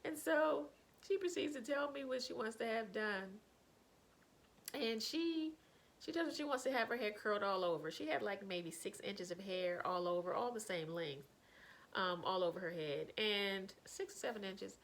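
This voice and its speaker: A woman in her fifties telling embarrassing stories in a casual vlog, animated and quick to laugh. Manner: animated, laughs often, jumps into high quoted voices. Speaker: vlogger. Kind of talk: casual storytelling.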